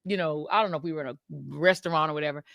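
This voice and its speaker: A woman co-hosting a podcast, chatting casually and telling stories in an animated, emphatic way. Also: low voice, very fast, dry recording, clean studio sound. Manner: animated, emphatic storytelling with laughs. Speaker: podcast co-host. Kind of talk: casual chat.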